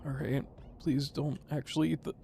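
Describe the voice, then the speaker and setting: A man's voice: fairly high pitch, little pitch movement, normal speed, vocal fry, warm tone, soft background music. A man live-streaming a video game, reading its text aloud with playful, goofy commentary. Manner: playful and goofy, laughs and swears.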